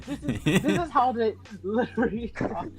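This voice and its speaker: A man from China co-hosting a casual live stream, explaining haltingly with many fillers. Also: very high-pitched, lively intonation. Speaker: stream co-host. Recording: faint music behind.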